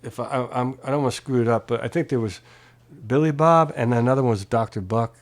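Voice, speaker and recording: A guest musician, interviewed in a private home, tells a long story casually and animatedly, swearing freely and acting out the voices of the people in it. He talks quickly in a mid-range voice.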